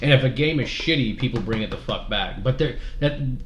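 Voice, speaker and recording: A man's voice: mid-range voice, brisk, fairly bright tone, highs cut off. A man co-hosting a casual podcast chat, ranting bluntly and profanely, exaggerating for effect. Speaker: podcast co-host; game store clerk. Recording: echoey room with faint noise.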